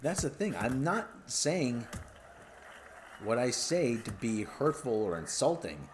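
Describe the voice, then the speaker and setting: A man rambling through a stand-up comedy monologue, musing aloud, often stopping to clear his throat. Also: medium pitch, big pitch swings, slow, slight background noise.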